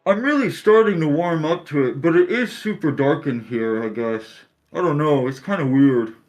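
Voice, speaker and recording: A man's voice: on the high side, lively intonation, normal speed, a little mellow, voice pushed up, natural voice. A man voicing a lonely, uncertain spirit that lives inside a ship, speaking shyly in a tabletop game. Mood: uneasy.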